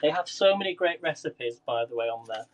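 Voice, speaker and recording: A man's voice: fairly high pitch, expressive, a little fast, slight background noise, poor audio. A man chatting casually to viewers during a live cooking stream, often laughing and greeting people by name. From England. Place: home kitchen.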